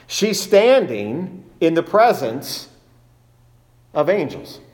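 A man's voice: a little high, big pitch swings, slow pace, a little mellow. A man preaching a sermon as pastor, emphatic, repeating key phrases and asking rhetorical questions.

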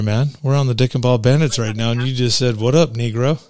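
A man's voice: mid-range voice, fairly even intonation, a little fast, a little mellow. A man hosting a podcast from a small studio, telling rowdy stories and swearing constantly. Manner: profane, rowdy storyteller. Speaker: podcast host. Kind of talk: crude casual banter.

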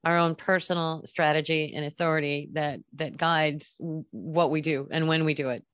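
Low-voiced woman podcast host, dry sound. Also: fairly even intonation, dry recording. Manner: easygoing, agreeable, with quick laughs. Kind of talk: casual chat.

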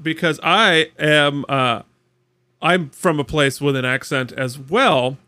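A man co-hosting a podcast, chatting casually with animated, joking asides. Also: a little high, slow, no room sound. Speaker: podcast co-host. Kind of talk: casual chat reacting to a TV show.

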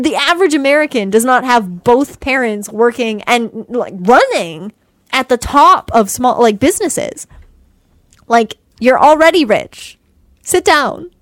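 A young woman co-hosting a podcast, ranting in casual chat with animated sarcasm and frequent swearing. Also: fairly high pitch, dry recording. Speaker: podcast co-host.

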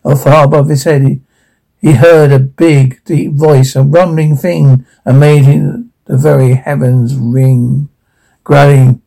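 A man reading a rhyming children's story aloud in a playful, lively way, with the odd stumble. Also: medium pitch, takes it slowly, gravelly, low-quality recording.

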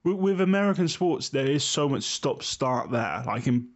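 A man co-hosting a podcast, swearing and calling his co-host mate in quick rants. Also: medium pitch, lively intonation, lo-fi sound. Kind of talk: casual banter. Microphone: remote call.

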